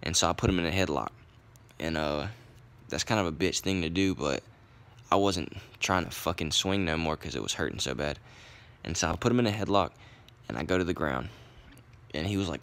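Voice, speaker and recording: A man's voice: low voice, a little fast, a bit bright. A young man, casually telling a story in a rambling, profane way. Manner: profane, rambling, laid-back. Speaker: vlogger.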